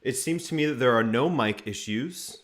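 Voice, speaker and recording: A man's voice: mid-range voice, lively intonation, normal speed. A man hosting a live football watchalong stream, chatting casually, going over lineups and greeting viewers from the chat by name.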